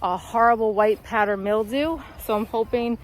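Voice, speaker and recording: A woman's voice: a little high, normal speed, low-quality recording. A woman flower farmer giving a casual walk-through of her rows outdoors, chatty and upbeat, slightly out of breath. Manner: chatty, upbeat, talking while walking the rows.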